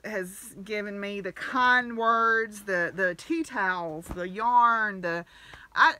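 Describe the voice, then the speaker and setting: Hosting her knitting podcast, a woman with a lowish, sharp-toned voice speaks casually to the camera. She's effusive and thankful, laughing and exclaiming often as she chats.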